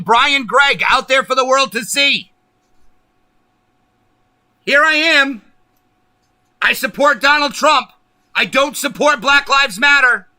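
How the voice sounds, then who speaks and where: A man's voice: very high-pitched, pushed and bright, no echo. A man hosting a political livestream, ranting angrily and emphatically with lots of profanity. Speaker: livestream host.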